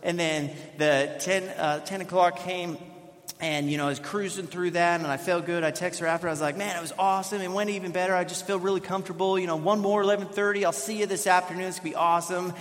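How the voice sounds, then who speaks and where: A man in his thirties preaching, with a fairly high voice that rings out into a long hall reverb. He tells stories in an animated, self-deprecating way. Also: fast talker. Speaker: pastor. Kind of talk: sermon. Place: church sanctuary.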